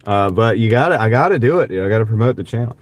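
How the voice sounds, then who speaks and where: This delivery driver livestreamer talks fast in a lowish, expressive voice, and the recording is dry. With a light Southern US accent from the American South, he rambles casually while driving, responding to viewers' comments on a wireless clip-on mic.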